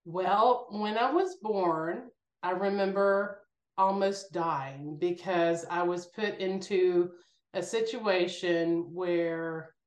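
A woman guest in an interview, telling her stories in an animated way and acting out the voices she quotes. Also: lowish voice, slow pace, roomy sound. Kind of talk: casual spiritual interview talk.

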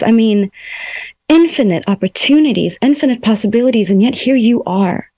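A woman coaching listeners through emotions in a gentle, coaxing self-help talk, speaking her self-talk aloud from a room in her home. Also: medium pitch, lively intonation, brisk, no echo.

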